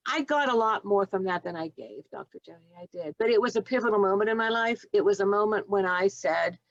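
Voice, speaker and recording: A woman in her seventies, a retired nurse telling heartfelt stories in an interview, earnest and gentle. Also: medium pitch, a little fast, dry recording, highs cut off. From United States. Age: 70s. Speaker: guest, retired nurse and author. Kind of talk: reflective storytelling interview.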